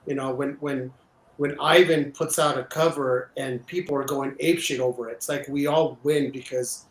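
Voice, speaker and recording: A man's voice: medium pitch, steady tone, moderate pace. A man hosting a casual chat, talking enthusiastically with many stumbling restarts. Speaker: host. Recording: echoey room.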